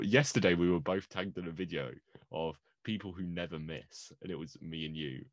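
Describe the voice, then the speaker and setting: A man's voice: sits low, normal speed, no room sound, lo-fi sound. A man co-hosting a casual movie podcast, joking and playful, often laughing. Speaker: podcast co-host.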